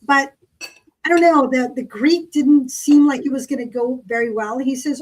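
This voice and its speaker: A woman, co-hosting a podcast in casual chat and telling a story with lively quoted dialogue. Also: high-pitched, a little fast, low-quality recording. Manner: chatty storyteller, acts out quoted people. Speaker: podcast co-host.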